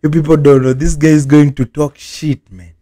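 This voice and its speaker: A man's voice: a little high, level tone, moderate pace, warm tone. A man hosting a reaction video, venting in a casual, repetitive rant and chanting the same complaint over and over.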